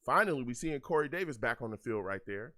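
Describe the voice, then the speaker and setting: A man's voice: mid-range voice, animated, fast talker, pushed and bright. A young man hosting a live game reaction show, ranting in exasperation, repeating himself, and reading out chat comments. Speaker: fan show host.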